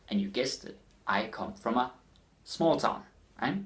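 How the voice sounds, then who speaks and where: A man with a Danish accent teaching his language in a casual lesson, repeating phrases slowly for learners. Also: mid-range voice, lively intonation, fairly bright tone. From Denmark.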